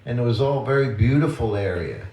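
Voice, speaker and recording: A man's voice: mid-range voice, animated, brisk, distant mic. Older man telling stories, roomy hall. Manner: gentle, chuckling anecdotal delivery. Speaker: guest speaker at a temple. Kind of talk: reminiscing storytelling talk. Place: temple hall. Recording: roomy temple hall with faint ambience.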